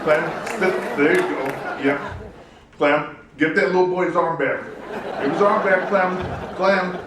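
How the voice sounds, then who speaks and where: A comedian voicing a folksy rural man who drawls at and scolds his huge dog, with his voice pushed higher and louder. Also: slow pace. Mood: scolding. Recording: roomy live venue, distant mic, noisy.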